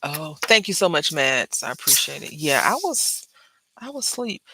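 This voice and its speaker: Bright-voiced chatty woman crafting. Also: sits low, big pitch swings, moderate pace, husky, no echo, low-quality recording. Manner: chatty storyteller, drifts between crafting and anecdotes; talks to viewers directly. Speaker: craft vlogger. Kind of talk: casual chat while crafting.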